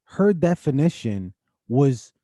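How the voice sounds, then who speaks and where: Mellow-voiced male podcast co-host. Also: mid-range voice, sing-song, no room sound. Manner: explanatory, measured. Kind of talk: casual commentary.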